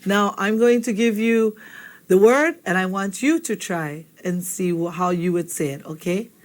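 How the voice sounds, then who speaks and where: A woman teacher talks a learner through a spoken lesson. She speaks at a mid pitch, patient and encouraging, and keeps checking in with a quick "okay?". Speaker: language teacher.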